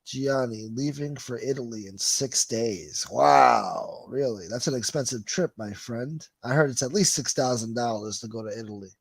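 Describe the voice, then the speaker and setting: Barely pausing, a man with a medium-pitched, breathy-edged voice talks at a moderate pace in a dry recording. He's running a livestream, reading chat aloud and riffing with swearing, jokes, and rambling tangents, and he calls people "boy."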